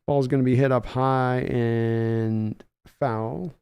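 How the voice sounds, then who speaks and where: A man with a smooth, resonant voice hosts a live baseball reaction stream. He mixes excited play-by-play calls with easygoing chat aimed at his viewers. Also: mid-range voice, slow. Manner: excitable home run calls, chatty while reading chat.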